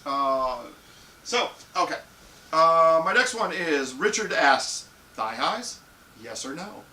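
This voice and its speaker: A man hosting a live show, giving crude, frank advice to viewers and acting out loud little scenes. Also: a little high, expressive, slow, distant mic. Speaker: live show host answering viewer questions. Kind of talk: casual live-stream advice talk. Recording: echoey room, off-mic, faint hiss.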